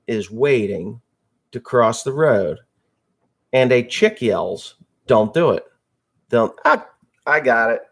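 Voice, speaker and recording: A gravelly man hosting a relaxed livestream from his home. He talks loosely, reads viewers' messages aloud and tells crude jokes at an unhurried pace. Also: mid-range voice. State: just woke up, a little slow. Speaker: livestream host. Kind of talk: casual livestream chat.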